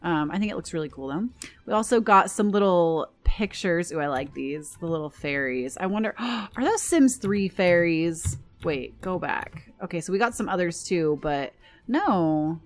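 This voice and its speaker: A young American woman, a gaming YouTuber, chats casually while showing off in-game items and gushing over the ones she likes. Her lowish voice is expressive and moderately paced, though a scratchy throat keeps catching and she has hiccups.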